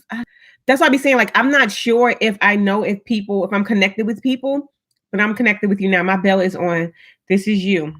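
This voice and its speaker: A woman's voice: medium pitch, fairly bright tone. A woman hosting a casual live stream, chatting upbeat and greeting viewers one by one by name.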